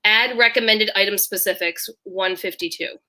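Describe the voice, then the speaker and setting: A woman's voice: medium pitch, moderate pace, bright, forceful tone. A woman hosting a casual live stream over a video call, chatting with her co-host and greeting viewers in the chat by name. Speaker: livestream host.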